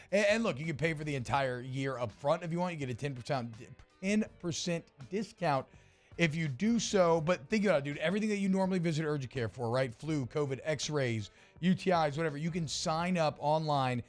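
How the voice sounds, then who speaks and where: A man, co-hosting a sports radio show, chatting casually and reading ads with energetic, salesy slang. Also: on the high side. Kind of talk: casual sports talk and live ad reads.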